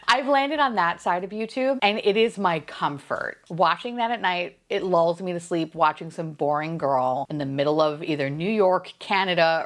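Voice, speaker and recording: A young woman chatting casually as she unboxes collectibles, excitable, laughing often and cursing freely. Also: lowish voice.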